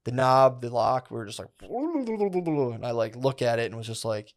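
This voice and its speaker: A man in the middle of a comedy podcast, spinning a long, wandering story. He talks in a loose, casual way, and "like" and "dude" fill nearly every phrase. His voice sits at an ordinary middle pitch, and the swearing comes out easily. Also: big pitch swings, measured pace.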